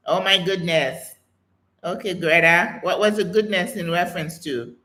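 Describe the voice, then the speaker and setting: An older American woman hosting a live question-and-answer stream, reading viewer comments aloud and telling stories in a chatty, animated way. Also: on the low side, moderate pace. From United States. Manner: chatty, animated storytelling with exclamations and laughter. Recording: echoey room sound.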